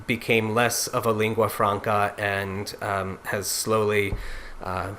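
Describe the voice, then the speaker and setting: A man's voice: fairly low pitch, little pitch movement, slow, fairly bright tone, slight background noise. A man teaching singers in an informal lecture, explaining step by step in a conversational way. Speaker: singing teacher.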